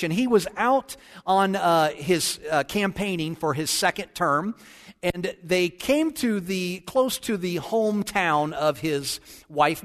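A man's voice: high-pitched, a bit bright. A male pastor preaching a sermon, reading scripture, praying and telling jokes in a folksy way. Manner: folksy and joking, with a solemn, slowed prayer voice. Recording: long church reverb.

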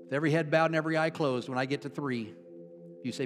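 A man preaching as a pastor, praying fervently and then gently leading an altar call and repeat-after-me prayer. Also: on the high side, fairly even intonation, fast, over music. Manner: fervent praying voice that drops to soft, hushed invitation.

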